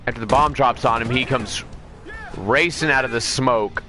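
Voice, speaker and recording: A man with a medium-pitched, pushed, bright voice streams a game while casually retelling a comic story. His recap rambles, he often corrects himself, and he speeds up in quick bursts.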